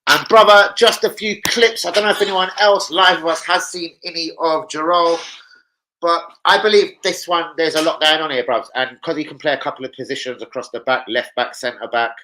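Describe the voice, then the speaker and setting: A young man with a London accent hosts a casual indoor livestream at home, reading comments with free swearing and laddish banter. His voice is on the high side, with fairly even intonation and a slightly fast pace, sounding pushed and bright. The rough recording has a little hiss or hum.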